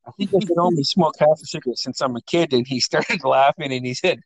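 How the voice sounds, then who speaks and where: A man's voice: fairly high pitch, quick pace, breathy edge. A middle-aged man hosting a podcast, telling stories about his childhood, laughing often, swearing and acting out the voices of the people in them. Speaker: podcast host. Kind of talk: casual family storytelling.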